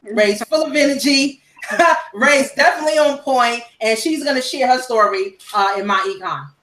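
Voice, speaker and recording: A woman's voice: sits high, normal speed, a bit bright, echoey room, low-quality recording. A woman moderating a panel call, affirming and encouraging the speakers. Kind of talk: hosting a conference call.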